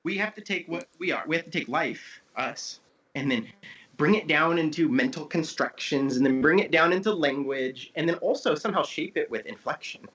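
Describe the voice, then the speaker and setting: Animated man explaining, dull lo-fi audio. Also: fairly high pitch, normal speed. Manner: animated, explanatory, acts out tones of voice. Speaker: guest teacher of symbolism. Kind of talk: casual conversation.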